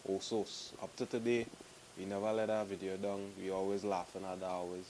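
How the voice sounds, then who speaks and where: A man with a Trinidadian accent telling stories to the camera in a lively way, laughing and acting out what friends said. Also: sits low, fairly quick, a little hiss or hum, low-quality recording. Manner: animated, laughing, acts out quotes. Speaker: group member telling stories. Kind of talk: casual storytelling to camera.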